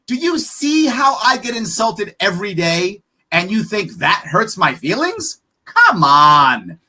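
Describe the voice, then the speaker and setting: A man's voice: high voice, sing-song, unhurried, bright, forceful tone. A man being interviewed on a podcast as a political candidate, talking emphatically and bluntly, firing off rhetorical questions. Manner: profane, frank.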